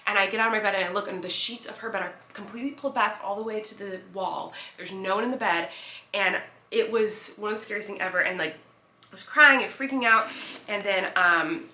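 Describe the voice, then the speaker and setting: A woman in her thirties talking casually to her viewers in a rambling, animated vlog, full of fillers and asides. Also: medium pitch, fast talker, echoey room, a little hiss or hum. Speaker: vlogger. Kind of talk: casual chatty vlog storytelling.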